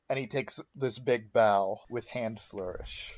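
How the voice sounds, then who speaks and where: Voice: medium pitch, takes it slowly, hardly any pauses, dry recording, lo-fi sound. A player in a tabletop game, talking casually in a hesitant, playful way.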